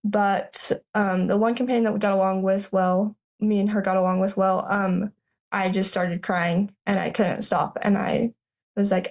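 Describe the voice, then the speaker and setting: A woman in her twenties recounting a personal story as a podcast guest, halting, with many fillers and restarts. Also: medium pitch, little pitch movement, a little mellow. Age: 20s.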